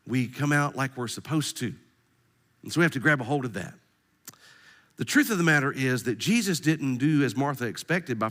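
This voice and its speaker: Animated, joking male pastor. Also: medium pitch. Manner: animated, humorous preaching with direct questions. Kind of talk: sermon.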